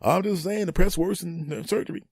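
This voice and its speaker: A man's voice: high voice, fairly quick, creaky, a little mellow, breathy edge, dry recording, studio quality, pitched above the performer's own voice, heavily acted. A man voicing a male friend who teases and snickers. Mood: teasing. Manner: teasing.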